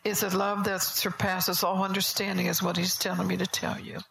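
Gravelly-voiced woman preaching softly. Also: mid-range voice, flat delivery, normal speed, a little hiss or hum, poor audio. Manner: conversational storytelling, soft and often whispery. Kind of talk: sermon. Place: church service.

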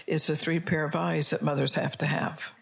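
A woman's voice: deep voice, little pitch movement, moderate pace, vocal fry. A woman voicing God as a patient male creator in a told story, in her own earnest preaching voice.

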